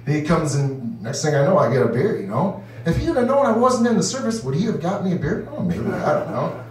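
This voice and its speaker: Rambling stand-up comic in an echoey room. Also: male voice, a little high, lively intonation, quick pace, hardly any pauses, a little mellow. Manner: rambling, loose, full of "you know", acts out voices. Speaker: stand-up comedian. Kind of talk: first stand-up set. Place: comedy club stage. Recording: echoey room, distant mic.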